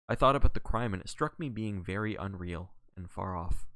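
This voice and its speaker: A man reading a novel aloud on a stream, steady and measured, now and then stopping to correct himself. His voice is low and creaky, with lively, varied intonation. The sound is close and dry, with no room echo.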